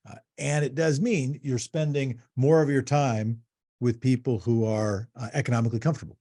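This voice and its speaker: A male podcast host with a medium-low voice. His speech is conversational and probing, and he often restarts his phrases as he presses his guest. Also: fairly even intonation, normal speed, warm tone. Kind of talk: podcast interview.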